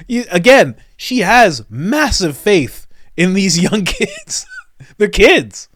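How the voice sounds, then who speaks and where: Comedic commentator, man, lively mock-disbelief, slightly high voice, dry close mic. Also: slow, no room sound. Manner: animated, laughing, mock-incredulous. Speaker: commentary host.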